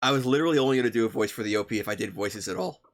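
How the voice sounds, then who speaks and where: A man's voice: on the low side, rapid-fire. A young man streaming, reading a story aloud to his chat with profane, joking asides.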